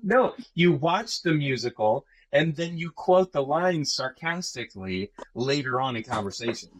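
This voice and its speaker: A man in his thirties in a casual podcast chat, with a mid-pitched voice. He talks in an animated, rambling way, piling on fillers as he thinks aloud. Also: moderate pace, slight background noise. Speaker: podcast co-host.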